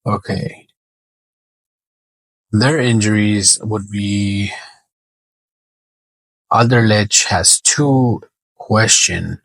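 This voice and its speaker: A man talks through his betting picks in a slow, unhurried way, with a gravelly, husky voice. He thinks aloud, hesitates and corrects himself often. The sound is dry and close. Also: fairly low pitch, a bit bright, no echo, poor audio. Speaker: sports betting predictor. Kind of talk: casual solo prediction talk.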